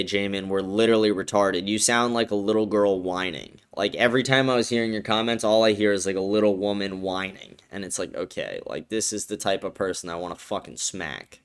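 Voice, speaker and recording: A man's voice: fairly low pitch, clear, resonant tone. A young man hosting a political livestream, ranting bluntly and profanely with lots of filler words. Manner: heated, profane, blunt rant with many fillers. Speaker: livestream host. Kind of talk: ranting political commentary stream.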